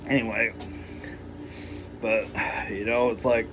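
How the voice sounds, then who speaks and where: A man's voice: on the low side, little pitch movement, slow pace, background noise. A man rambling heatedly in a personal vlog, swearing a lot and filling his talk with "like" and "you know". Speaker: vlogger.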